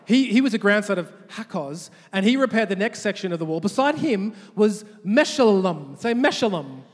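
A man preaching a sermon as pastor, animated, often restarting and repeating words as he leads the congregation in call-and-response. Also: sits high, fairly quick. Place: large church hall. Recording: long hall reverb.

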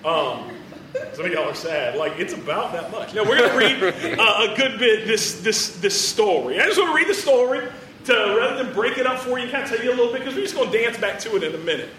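A man's voice: sits high, animated, a little fast, bright, forceful tone, far from the mic, a little hiss or hum. A man preaching a sermon in a casual, joking way, often chuckling between phrases. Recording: echoey hall, voice from afar.

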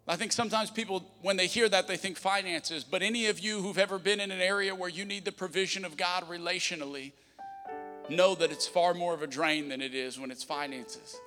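A young man preaches in a high, bright voice, casual and conversational one moment and emphatic the next. His words ring out in a hall with a long reverb, and soft music plays underneath. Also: steady tone, brisk. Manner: conversational, emphatic, quoting prayers aloud. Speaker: pastor. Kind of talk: sermon. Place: church hall.

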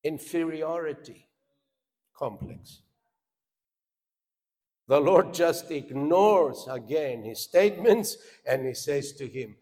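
High-pitched guy preaching slow, lots of hall echo, gets loud then drops quiet. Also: expressive. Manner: preaching with dramatic rises into shouts and drops to a hush. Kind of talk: sermon. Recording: long hall reverb.

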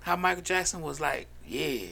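A man co-hosting a casual podcast chat, blunt, loud and profane, laughing often. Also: fairly high pitch, animated, moderate pace. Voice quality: gravelly. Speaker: podcast co-host.

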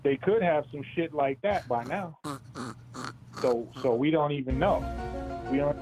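A man's voice: on the high side, lively intonation, unhurried, loud music behind the voice. A man calling in to a talk show, slangy and profane, speculating offhand. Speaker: caller. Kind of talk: casual call-in chat. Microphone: phone call. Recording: tinny phone line.

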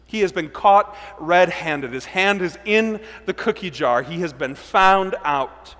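A man preaching a sermon as pastor, swinging between loud emphasis and hushed, low passages. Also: expressive, unhurried, long reverb tail.

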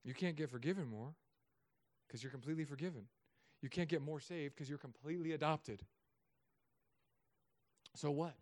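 A man preaching a sermon to a congregation, animated and joking, swinging between loud emphasis and hushed asides. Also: a little high, normal speed, long pauses. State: recovering from Achilles surgery. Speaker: pastor.

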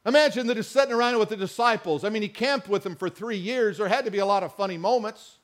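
A pastor with a high voice and a quick pace preaches a sermon, reading scripture and mixing in conversational asides and questions to the congregation.

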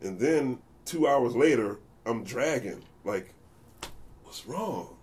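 Speaking slowly in a medium pitch, the jazz bassist from the United States tells stories during a casual interview. He's lively, voicing the other characters as his anecdotes unfold.

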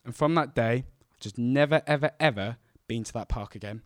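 A young man telling a childhood story on stage, lively and acting out the voices of the people in it. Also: mid-range voice, moderate pace, no echo, clean studio sound. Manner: animated, acts out the voices of people in his story.

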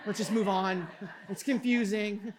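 A man, a pastor who is a parent, preaching a sermon in an animated way, swinging between loud emphasis and quiet asides and laughing often. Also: high voice, measured pace, slight background noise. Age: adult parent.

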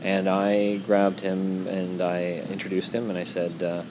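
A man's voice: low-pitched, monotone, unhurried, music in the background, poor audio. A man in casual conversation, speaking earnestly and reflectively, often restarting his sentences. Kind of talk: casual chat. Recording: noticeable background noise.

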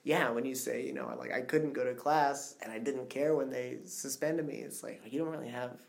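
A man's voice: medium pitch, fairly even intonation, moderate pace, creaky. A man hosting an interview, asking curious, empathetic questions and laughing easily. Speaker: interview host. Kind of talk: conversational interview.

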